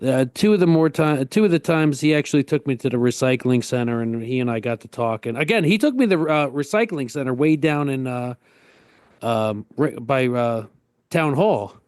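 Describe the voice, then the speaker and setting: A middle-aged man from the Northeast United States spins a rambling story on a podcast, stopping and restarting as he acts out what people said. His voice sits in a middle pitch and is recorded close and dry, with no room sound behind it. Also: expressive, normal speed, darkish tone, clear, resonant tone, no room sound. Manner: rambling, self-interrupting anecdote with acted-out quotes. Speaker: podcast co-host. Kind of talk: casual storytelling chat.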